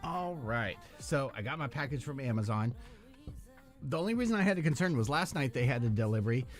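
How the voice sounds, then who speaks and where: A man's voice: mid-range voice, animated, a little fast, soft background music. Rambling man on a casual live stream. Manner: rambling, loose, lots of fillers and trailing off. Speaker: hobby channel host. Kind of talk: casual live-stream chat while building a model kit.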